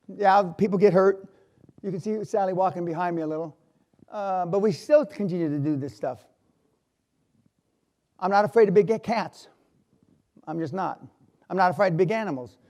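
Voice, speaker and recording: An older man giving a live motivational talk in a university hall, telling stories bluntly and with swearing, swinging from loud to quiet. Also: high-pitched. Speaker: motivational speaker.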